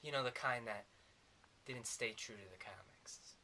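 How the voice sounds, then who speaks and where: A man's voice: medium pitch, measured pace, bright, forceful tone, slight background noise, pitched below the performer's own voice. A man putting on a smug, offhand voice for dismissive male filmmakers making excuses.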